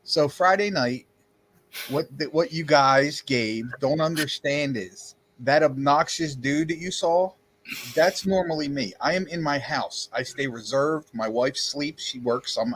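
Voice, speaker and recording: A man's voice: mid-range voice, normal speed, a bit bright. A man chatting casually on a sports podcast, rambling and restarting sentences as he goes. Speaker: podcast co-host.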